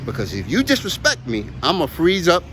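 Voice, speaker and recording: A man with a high voice that swings up and down a lot talks casually while walking outside. He rambles, says things again for emphasis, and speaks with force. Faint street traffic hums behind him. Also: wildly swooping pitch, a little fast, a bit bright. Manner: rambling, emphatic, repeats himself. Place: outdoors on a walk.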